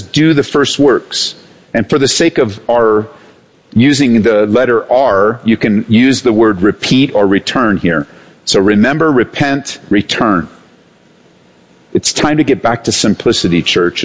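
A man preaching a sermon as pastor, animated, swinging between raised and hushed delivery. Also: mid-range voice.

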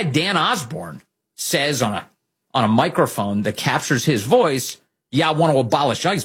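Husky, animated male talk host. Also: medium pitch. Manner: animated, sarcastic, mimics opponents. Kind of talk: political commentary.

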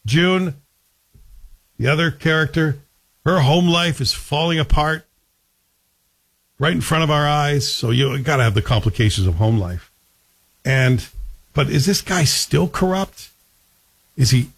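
A man talks through a TV series in a loose, conversational review. His voice sits a little high, and he is wry, often putting questions to the listener. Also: measured pace, creaky, pauses often, husky. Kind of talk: casual spoken TV review.

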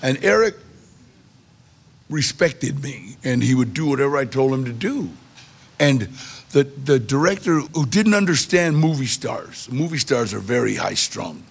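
A man telling his life story in a lively, conversational way, acting out the quotes from the people in it. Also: mid-range voice, measured pace. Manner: gravelly, animated storytelling with acted quotes. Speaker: storyteller guest. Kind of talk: personal storytelling.

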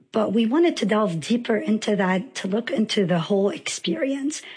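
Female academic guest, husky tone, thoughtful pauses. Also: mid-range voice. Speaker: professor and interview guest. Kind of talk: radio interview answers.

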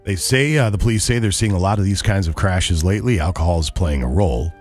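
A man's voice: deep voice, quick pace, faint music behind. A man hosting a morning radio show, chatty and wry, reading ads and news. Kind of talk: casual radio banter and live reads.

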